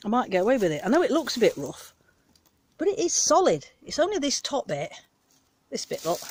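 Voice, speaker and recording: A woman with a medium-pitched, slightly mellow voice, recorded dry, chats casually in British English. As a gardening vlogger, she films herself on a handheld phone out in her back garden, her talk wandering and homely.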